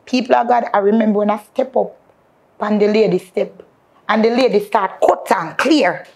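A woman's voice: mid-range voice, moderate pace, vocal fry, darkish tone. A woman with a Jamaican accent sharing an emotional personal testimony in patois and often calling out to the faithful. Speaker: guest.

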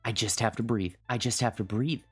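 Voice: medium pitch, steady tone, fairly quick, slightly rough, faint music behind. A gaming video host giving frustrated running commentary at home, swearing and talking to themselves while struggling through a hard level.

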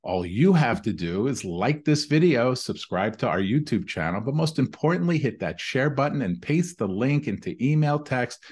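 A man's voice: mid-range voice, big pitch swings, moderate pace, hardly any pauses, darkish tone, slightly rough. A man hosting the show, reading an enthusiastic scripted outro that asks listeners to share the video. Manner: enthusiastic, promotional. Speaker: host.

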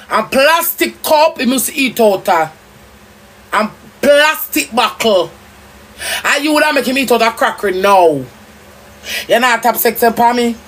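A woman with a Jamaican accent ranting angrily on a livestream, cursing and swooping up and down as she talks. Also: on the high side. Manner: angry, cursing, loud and swooping. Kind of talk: heated livestream rant.

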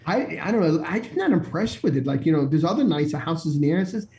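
Animated high-voiced New man. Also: fast, gravelly, roomy sound, a crowd in the background. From New York. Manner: animated storyteller, laughs often. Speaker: panel caller. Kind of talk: casual chat.

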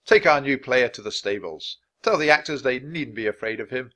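A man's voice: medium pitch, expressive, moderate pace, pushed and bright. A man voicing a kindly, assured playwright with courtly manners. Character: kindly confident adult playwright.

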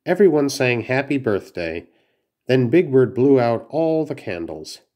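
A man's voice: medium pitch, very animated, moderate pace, warm tone. A man reading a children's storybook aloud, carefully, with small slips and restarts. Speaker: narrator.

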